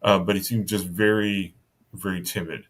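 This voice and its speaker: A man narrating as game master of a tabletop game, halting and full of fillers. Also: low voice, little pitch movement. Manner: halting, many fillers and restarts.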